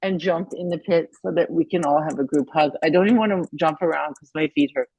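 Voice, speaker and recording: Low, frank woman in her fifties swearing freely. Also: fast talker, a little mellow, husky, dry recording, low-quality recording. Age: 50s. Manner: profane, candid, emotional storytelling. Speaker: guest musician. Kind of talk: casual interview chat.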